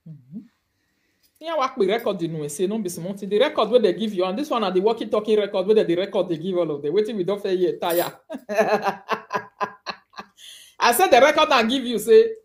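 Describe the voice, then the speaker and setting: A woman's voice: mid-range voice, darkish tone. A woman with a Nigerian accent ranting on a live video, mocking and scolding her targets. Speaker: online commentator.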